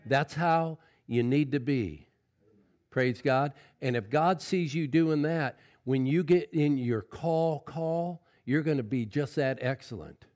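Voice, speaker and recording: Man, middle-aged, pastor, sermon, folksy, loud exclamations and hushed asides, calls out "Amen?". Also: on the high side, slow pace. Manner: folksy preaching with frequent "Amen?" call-outs; swings from loud exclamations to quiet, intimate asides.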